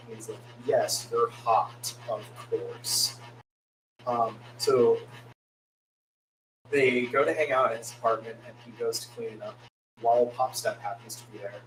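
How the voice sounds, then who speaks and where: Male co-host, easygoing recap, far from mic with a clear hum. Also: medium pitch, steady tone, fairly bright tone, roomy sound. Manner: halting, many uh fillers, easygoing. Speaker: podcast co-host. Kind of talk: casual anime podcast recap.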